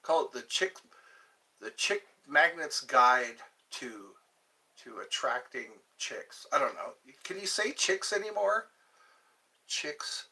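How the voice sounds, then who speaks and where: Lively, bright-voiced man rambling on a stream. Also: on the high side, slow. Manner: rambling, reads viewer questions aloud and answers. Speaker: livestream host. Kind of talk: casual livestream chat.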